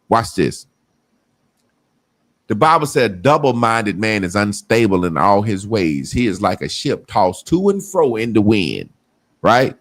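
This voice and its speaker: A man's voice: on the low side, measured pace, no echo. A middle-aged man talking casually on a podcast, swearing freely and acting out the people he quotes. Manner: animated, profane storytelling with mocking quoted voices. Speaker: podcast co-host.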